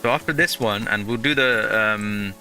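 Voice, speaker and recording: A man chats through a casual let's-play, wandering between thoughts with plenty of fillers. His voice sits on the low side. Clear game music plays under him. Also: moderate pace, pushed and bright. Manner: rambling, full of fillers and restarts. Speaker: gaming channel host. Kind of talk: casual gameplay commentary.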